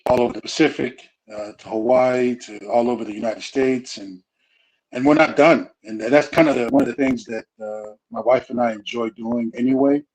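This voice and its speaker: A man's voice: medium pitch, fairly even intonation, moderate pace, darkish tone, poor audio. Rambling man with lots of "you know"s. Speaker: guest speaker on family. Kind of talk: casual conversational talk.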